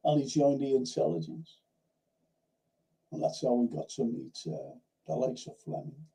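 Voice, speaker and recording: Man, review-show host, raspy-gravelly low-timbred tone, rambling chatty storyteller, casual swearing. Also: steady tone, moderate pace, mellow, low-quality recording. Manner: rambling anecdotal storytelling, frequent restarts. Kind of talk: casual livestream chat.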